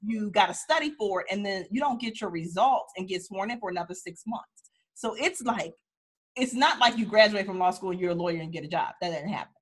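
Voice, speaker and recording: A woman with a husky, slightly breathy voice speaks candidly as an interview guest. She tells her personal story in a heartfelt, unpolished way, often restarting sentences as she goes. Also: medium pitch, brisk. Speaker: attorney and entrepreneur, guest. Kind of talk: emotional personal storytelling in a conversation.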